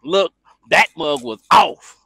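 A man talking casually to camera while cleaning trash cans outdoors, loud and joking, often shouting and exclaiming. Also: fairly high pitch, lively intonation, slow pace, slightly rough, dry recording, poor audio. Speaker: trash can cleaning business owner. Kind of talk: casual on-the-job vlog. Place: outdoors by a house, near a street. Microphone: small clip-on mic with phone camera. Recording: outdoor street noise behind.

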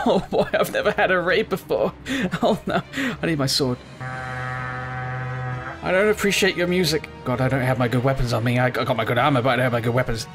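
A man giving let's play commentary as he plays a game. He rambles, talks to himself and yells at the characters on screen. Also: mid-range voice, a little fast, faint music behind. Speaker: gaming channel host.

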